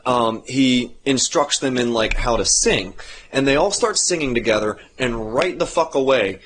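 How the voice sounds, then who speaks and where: A man hosting a podcast, telling a story in a rambling, profane, animated way. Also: mid-range voice, normal speed, slight background noise. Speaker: podcast host. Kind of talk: casual chat.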